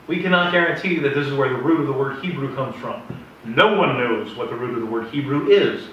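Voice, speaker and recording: A man gives a relaxed Bible history lecture to a class, drifting into joking side remarks. He is picked up from across a very echoey room, and the sound comes through dull and muffled under a faint hiss. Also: medium pitch, a little fast, recorded from a distance. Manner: chatty, digressive, joking asides. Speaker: Bible teacher. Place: classroom with a live audience.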